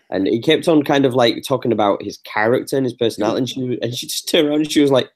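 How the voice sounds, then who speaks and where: A man's voice: medium pitch, quick pace, few pauses, darkish tone. A man co-hosting a combat sports podcast, retelling events casually and with amusement, laughing now and then. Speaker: podcast co-host.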